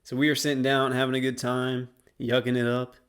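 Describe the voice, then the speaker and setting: A man's voice: medium pitch, monotone, a little fast, a bit bright, clean tone. A young man casually telling a school story as a YouTuber, slangy and rambling. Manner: slangy, rambling, laid-back.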